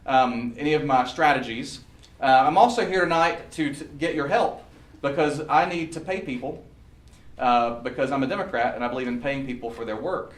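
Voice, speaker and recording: A man's voice: mid-range voice, normal speed. A man giving a campaign speech at a meeting, earnest and pleading as he tells stories. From Southern US. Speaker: political candidate. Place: meeting room. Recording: echoey room, mic far off.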